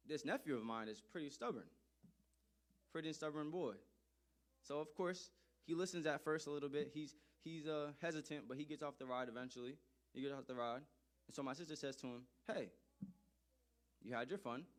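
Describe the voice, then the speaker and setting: A man telling a personal story to an audience in an animated, emphatic way, often repeating phrases for effect. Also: on the high side.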